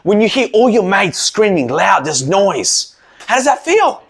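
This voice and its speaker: Man, motivational coach, husky bright voice, lively pitch, yells chants at his team. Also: unhurried. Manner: rousing, leads loud shouted chants. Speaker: mental performance coach.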